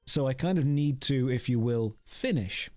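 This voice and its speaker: A man's voice: mid-range voice, normal speed, a little mellow, soft background music. A man from the UK chatting casually on a live stream while he plays, rambling, wry and self-mocking as he thanks viewers. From United Kingdom.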